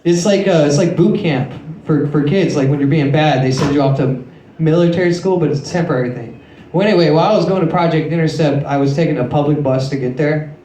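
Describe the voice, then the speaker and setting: A man's voice: on the high side, fast, mellow, slight background noise. A man in his late twenties doing a stand-up set on a comedy club stage, telling crude, self-mocking stories into a handheld mic. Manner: crude, self-mocking storytelling with frequent swearing. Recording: echoey club room.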